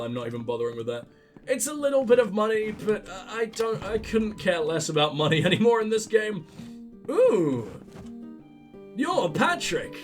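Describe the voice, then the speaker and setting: A man commentating on his own gameplay, sarcastic and profane, mocking what he sees. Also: high voice. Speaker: let's play host.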